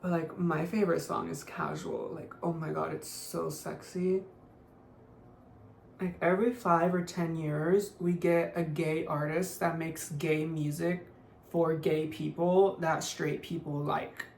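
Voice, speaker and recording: A woman's voice: low voice, steady tone, a little slow, creaky, darkish tone. Young woman beauty vlogger, casual filler-heavy chat, roomy sound with faint hiss. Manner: chatty, constant "like" fillers, offhand. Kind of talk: casual makeup tutorial chat. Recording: echoey room, faint noise.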